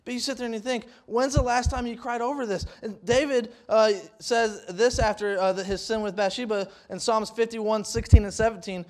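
Man, young adult, preacher, high voice, folksy sermon, rambling restarts, loud emphatic peaks. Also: steady tone, normal speed, few pauses.

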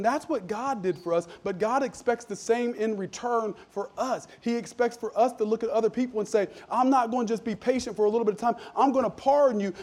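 A man pastor preaching a sermon, calling for amens and swinging between loud emphatic lines and low asides. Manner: call-and-response preaching, asks for amens.

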